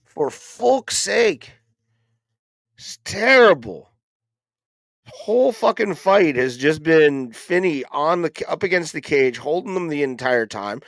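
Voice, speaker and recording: Slow-talking man ranting over a fight stream. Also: on the high side, lively intonation, a bit bright, dry recording. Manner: frustrated, profane ranting with many fillers. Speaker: livestream host reacting to fights. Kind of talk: casual live reaction commentary.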